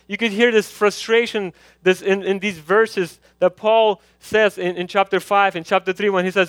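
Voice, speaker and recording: A man's voice: high voice, fairly even intonation, moderate pace, hardly any pauses, a bit bright, no echo. A man preaching an evening sermon, opening with a prayer and then explaining the passage in an earnest, urgent way with frequent fillers.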